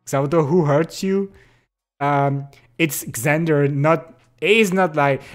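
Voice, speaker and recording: Slow, laughing streamer. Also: mid-range voice. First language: French. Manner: playful, laughing, repeats words. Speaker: live streamer. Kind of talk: casual chat with viewers.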